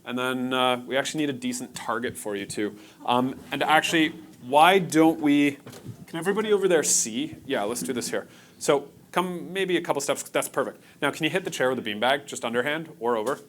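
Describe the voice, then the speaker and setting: A man's voice: mid-range voice, animated, brisk, a bit bright, slight background noise. A man presenting a workshop to a live audience in a conference room, talking casually and joking with the crowd. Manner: casual, engaging, jokes with the audience.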